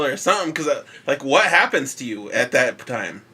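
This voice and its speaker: A man's voice: mid-range voice, expressive, a little fast, bright, forceful tone, slightly rough. A man hosting a podcast, telling a story in casual chat, laid-back, swearing often and laughing. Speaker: podcast host.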